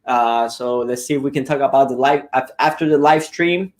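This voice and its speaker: A man's voice: medium pitch, moderate pace. A man hosting a casual live-stream webinar, talking eagerly and rambling with many fillers and restarts. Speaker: webinar host.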